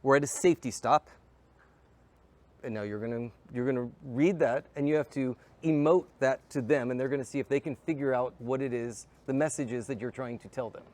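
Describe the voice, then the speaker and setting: A man who teaches scuba and magic, guesting on a staff talk and telling stories in a casual, animated way, tossing in "right?" and "you know" often. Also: mid-range voice, a little fast. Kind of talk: casual storytelling chat.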